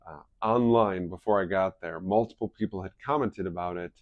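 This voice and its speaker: A man's voice: low-pitched, normal speed, no echo, dull audio. A man giving a casual presentation to a small live audience, telling chatty stories and laughing at his own anecdotes. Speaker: wellness presenter.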